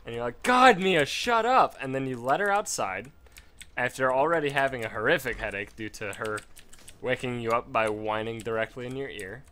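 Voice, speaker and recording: A man's voice: medium pitch, fairly quick, bright, forceful tone. A man giving casual gameplay commentary from home at a desk mic, rambling into a profane story. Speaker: let's play gamer.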